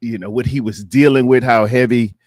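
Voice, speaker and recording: This sports show host's voice is medium-pitched, steady, and darkish, and he talks a little fast. Broadcasting casual livestream chat from his home studio in North Carolina, he rambles repetitively and names viewers, in clean studio sound with no room sound.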